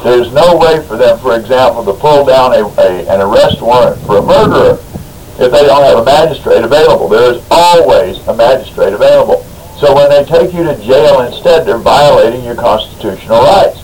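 A man's voice: medium pitch, lively intonation, fairly quick, a crowd in the background, rough recording. A man as a radio talk guest, telling a long story in a folksy, rambling way, with stumbling restarts. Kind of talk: radio talk, anecdote and legal commentary.

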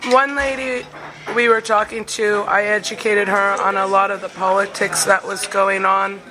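A woman's voice: mid-range voice, flat delivery, moderate pace, background noise. A woman advocate giving an earnest, casual account of talking with a neighbor. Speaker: homeless advocate. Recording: crowd chatter in the background.

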